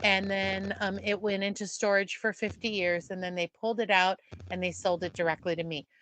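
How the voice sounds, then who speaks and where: Bright-voiced playful woman podcast host. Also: mid-range voice, brisk, a little hiss or hum. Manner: playful, animated storyteller. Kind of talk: casual chat.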